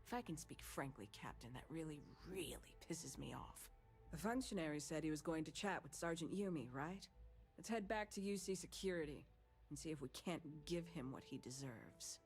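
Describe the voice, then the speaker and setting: Give me a blunt, loyal security officer in a video game. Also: female voice, low voice, animated, moderate pace, faint music behind. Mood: determined. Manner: earnest, blunt. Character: loyal female security officer, frank and protective.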